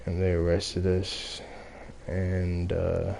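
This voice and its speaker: A man's voice: sits low, completely flat delivery, slow pace, creaky, mellow, a little hiss or hum. A young man from Los Angeles casually telling a story, rambling with many fillers and a lot of swearing. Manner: rambling, heavy on fillers and profanity.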